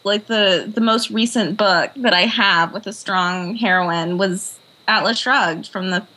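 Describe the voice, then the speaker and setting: A woman on a podcast panel, chatting in a wry, animated way. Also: mid-range voice, measured pace, rough recording. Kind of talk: casual chat.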